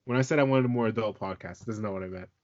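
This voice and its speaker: A man's voice: lowish voice, rapid-fire, darkish tone, highs cut off. A man co-hosting a podcast in casual chat, teasing his co-host and exclaiming with casual swearing.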